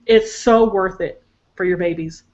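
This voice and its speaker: A woman's voice: lowish voice, measured pace, darkish tone, muffled recording. An older woman telling a heartfelt family story in casual chat on a video call, emotional and talkative. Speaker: psychic show co-host.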